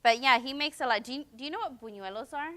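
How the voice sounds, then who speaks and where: A middle-aged mother and business co-founder speaks casually and sentimentally at a public Q&A talk, throwing in chatty asides. Her voice is high, a bit bright, and she talks fast.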